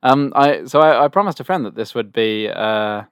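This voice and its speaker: A man's voice: mid-range voice, lively intonation, normal speed, smooth, no room sound, studio quality. A man co-hosting a casual podcast, playful and chatty, often stumbling and restarting his sentences. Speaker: podcast co-host. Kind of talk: casual chat.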